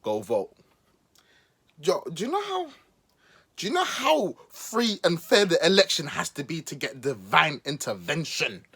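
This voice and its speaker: A husky man delivers a mocking, sarcastic podcast monologue. His lively voice swings up and down as he teases and exaggerates. It sits a little high for a man. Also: moderate pace. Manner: mocking, animated, playful voices for emphasis. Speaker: podcast host. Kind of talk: sarcastic political commentary monologue.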